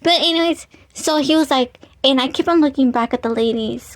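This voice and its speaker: A woman telling an animated story for a vlog, full of "like" fillers. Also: sits high, fairly quick, no echo. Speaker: vlogger.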